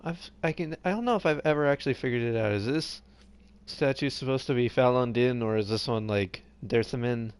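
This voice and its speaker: A tired guy narrates his game live in a brisk, mid-range voice with a clean tone. His casual commentary rambles, he reads the game's text out loud, and he often trails off partway through a sentence.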